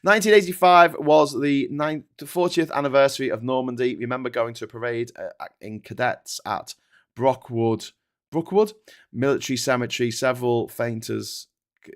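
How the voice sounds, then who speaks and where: A British man in his fifties hosts a casual live stream, speaking at a moderate pace with medium pitch and fairly even intonation. He reads viewer comments and rants, swearing a lot and restarting his sentences.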